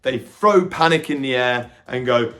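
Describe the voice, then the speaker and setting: A man hosting a podcast, retelling a film with animated energy, jumping into quick character quotes and stumbling over restarts now and then. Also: medium pitch. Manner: occasional stammering restarts. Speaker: podcast host reviewing a film. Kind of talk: casual film reaction recap.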